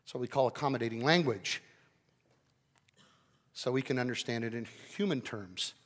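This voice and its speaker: A man preaching a sermon with great energy, his volume swinging from loud to quiet. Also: mid-range voice, normal speed, long reverb tail. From Canada. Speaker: pastor.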